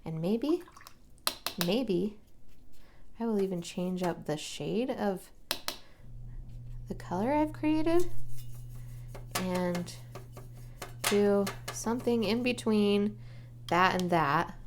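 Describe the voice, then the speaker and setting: A young woman chatting casually while she paints, soft-spoken and often slipping into a whisper as she works. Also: medium pitch, lively intonation, very slow, pauses often, background noise. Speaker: watercolor crafting vlogger.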